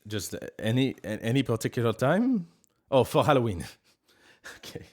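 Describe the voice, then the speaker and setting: A man's voice: mid-range voice, sing-song, normal speed. A man, chatting casually on a live stream, reading chat and making playful, mock-grand pronouncements.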